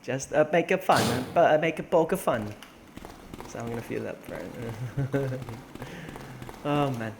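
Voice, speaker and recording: A chatty man talks to his chat while playing, rambling and laughing often. His voice sits at an ordinary middle pitch. A steady background noise runs under the talk from his room at home. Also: a little slow, gravelly, pauses often. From Malta. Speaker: game streamer. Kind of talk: casual live-stream chat.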